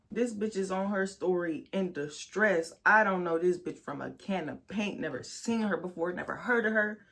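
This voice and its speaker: A young woman telling a personal story on her vlog, talking frankly and with lots of swearing, speaking straight to her viewers and sometimes bursting into loud, high outrage. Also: moderate pace, hardly any pauses, a little hiss or hum. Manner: candid, profane storytelling that addresses viewers directly. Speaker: vlogger.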